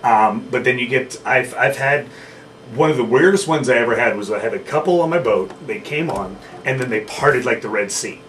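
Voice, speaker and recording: A man's voice: mid-range voice, normal speed, a bit bright, recorded from a distance, a little hiss or hum. A man chatting as a guest, telling rambling stories about his work as a gondolier. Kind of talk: casual chat.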